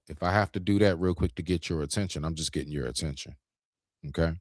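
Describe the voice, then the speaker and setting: Low-pitched and brisk, this man pauses often while co-hosting a talk stream, captured in clean studio sound without room echo. He's confrontational and emphatic in a heated, casual argument, animatedly making his case and showing how he raises his voice.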